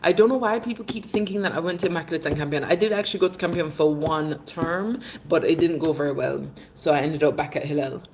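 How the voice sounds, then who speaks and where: A woman hosts a casual livestream, chatting animatedly and calling her viewers babes. Her voice sits a little low, and she swings up in pitch when she gets excited. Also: fast, hardly any pauses, slight background noise. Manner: bursts of laughter, lively pitch swings. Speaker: livestream host. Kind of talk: casual livestream chat reading comments. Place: Jamaica.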